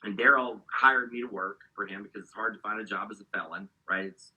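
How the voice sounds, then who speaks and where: Husky, fired-up man telling his story. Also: on the low side, a little fast, rough recording. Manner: animated storytelling, gets fired up. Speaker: interview guest. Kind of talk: candid personal account.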